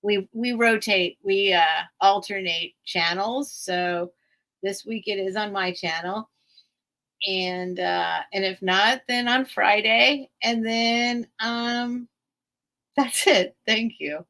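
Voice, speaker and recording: A woman hosting a live sale stream, rambling and emotional as she thanks her viewers in halting phrases. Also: mid-range voice, bright, forceful tone. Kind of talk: casual livestream sign-off.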